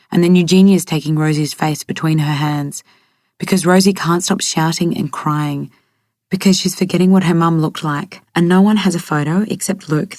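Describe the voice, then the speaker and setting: Low-voiced woman narrator. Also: a little mellow, no room sound, studio quality. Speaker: audiobook narrator. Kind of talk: audiobook narration.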